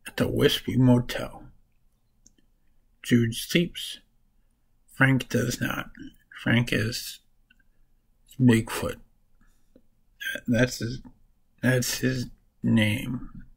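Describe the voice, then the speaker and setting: A man's voice: mid-range voice, steady tone, slow, creaky, long pauses, breathy edge, rough recording. A man casually summarizing comic books for his vlog, rambling and correcting himself as he goes. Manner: rambling, restarts and corrects names while summarizing. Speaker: comic book reviewer.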